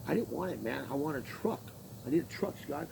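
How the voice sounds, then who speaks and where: A man with a gravelly, rough-edged voice pitched a touch high for a man, venting in loose, rambling talk. He swears freely and slips into the voices of the people in his story. A faint hiss of noise sits under his voice. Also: animated, fairly quick. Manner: profane, rambling, acts out quoted exchanges. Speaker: laborer telling his story.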